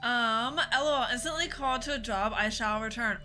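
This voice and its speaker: A bubbly young woman chats casually with her stream viewers, laughing often between thoughts. Her voice sits a little high and sounds bright and crisp. Soft music plays faintly behind her. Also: brisk. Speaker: video game streamer. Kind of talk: casual live-stream chat.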